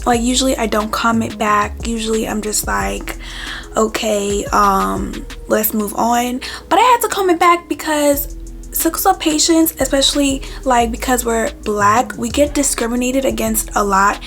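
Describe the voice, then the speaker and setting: A woman talking on her vlog, telling a story with lively quoted back-and-forth. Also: fairly high pitch, moderate pace, soft background music. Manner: animated, retells arguments with quoted back-and-forth. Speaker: vlogger.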